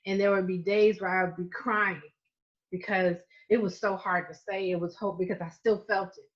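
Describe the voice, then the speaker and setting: A middle-aged woman with a Southern US accent speaks in a mid-range voice, earnest and emphatic as a life coach. She repeats her points and slows to lean on the key phrases. The audio is a bit dull and muffled. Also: mid-range voice, fairly even intonation. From Florida, United States. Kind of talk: livestreamed masterclass talk.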